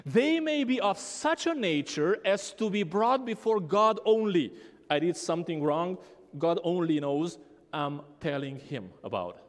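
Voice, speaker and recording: A man preaching a sermon as pastor, telling a story animatedly and acting out the voices of a child and his mother. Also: high voice. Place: church sanctuary. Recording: long church reverb.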